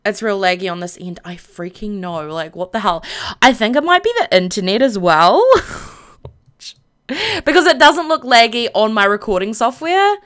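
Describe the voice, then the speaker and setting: A woman live-streaming a game, chatting casually to viewers in a flustered, excitable way and exclaiming often. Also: medium pitch, normal speed, smooth. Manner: flustered, excitable, lots of "oh my gosh" and laughing.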